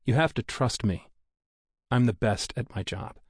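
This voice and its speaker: A man's voice: mid-range voice, a little slow, slightly rough, no echo, studio quality. A man doing a cool, self-assured agent. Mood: confident.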